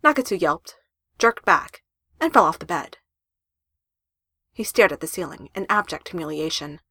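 Expressive lady reading a story, lively bouncy delivery, dry close mic. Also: lowish voice, normal speed, slightly rough, dry recording. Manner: expressive, with emphatic rises. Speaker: narrator.

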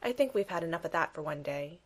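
A woman's voice: low-pitched, animated, fast, breathy edge. A woman reading the part of a dry, weary male soldier.

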